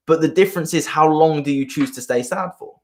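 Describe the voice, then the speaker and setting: Self-help coach, male, slightly high-pitched, earnest, rambling live-stream delivery. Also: fairly quick, darkish tone, a little hiss or hum. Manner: earnest, rambling, repeats himself. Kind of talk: live stream talk to viewers.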